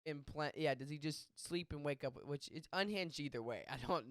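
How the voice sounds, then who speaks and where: A young man hosting a podcast, telling a story in casual chat, animated and profane with quick asides. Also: fairly high pitch, no echo, clean studio sound. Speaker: podcast host.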